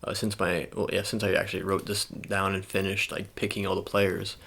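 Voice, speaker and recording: A young man speaking in a soft ASMR style, chatting casually and rambling with many fillers and restarts. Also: low voice, level tone, fairly quick, creaky. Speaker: ASMR channel host. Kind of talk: soft-spoken ASMR sports talk.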